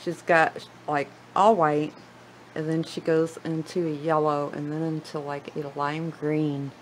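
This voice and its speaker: A woman's voice: deep voice, flat delivery, a little slow, slight background noise, low-quality recording. A woman giving a casual tour of her houseplants in her living room, chatty and gushing, often trailing off mid-sentence. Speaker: plant vlogger.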